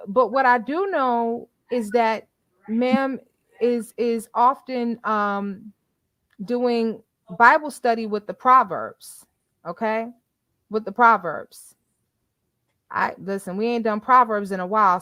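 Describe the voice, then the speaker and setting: A woman's voice: medium pitch, sharp tone, dry recording. A woman hosting a casual livestream, chatty and preachy, quoting scripture and repeating phrases with many fillers. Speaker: livestream commentary host.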